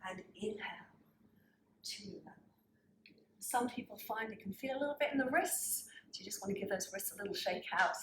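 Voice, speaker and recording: A woman's voice: mid-range voice, normal speed, roomy sound, noisy background. A woman teaching a pilates class, cueing breaths and counting reps while slightly out of breath. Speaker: pilates instructor. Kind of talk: guided workout instruction.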